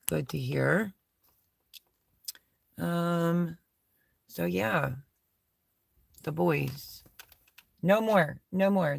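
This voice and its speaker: A woman's voice: low voice, vocal fry. A middle-aged woman chatting casually on a live stream from a small camping setup, rambling and talking to her dog between thoughts.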